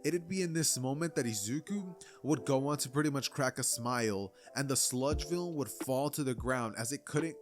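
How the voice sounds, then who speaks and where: A man's voice: medium pitch, moderate pace, few pauses. Rambling man narrating over music. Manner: rambling, filler-heavy, conversational. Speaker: anime story narrator. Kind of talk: casual what-if story narration.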